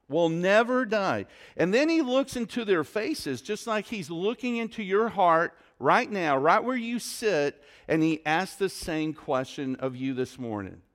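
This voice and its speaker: In a church sanctuary, a pastor delivers a sermon to his congregation, repeating and varying his questions with dramatic emphasis. His voice sits high and sounds a bit bright.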